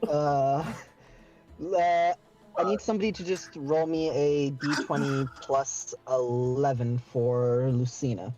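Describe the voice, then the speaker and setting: A man running a tabletop game as game master, joking and excitable, quick to curse. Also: mid-range voice. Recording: dull lo-fi recording with faint music.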